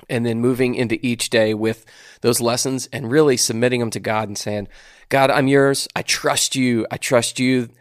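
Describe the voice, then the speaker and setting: A man's voice: mid-range voice, no room sound, clean studio sound. A man co-hosting a faith-based podcast, talking in a casual, reflective way and often saying "man". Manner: reflective, casual, says "man" and "dude" a lot. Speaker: podcast co-host.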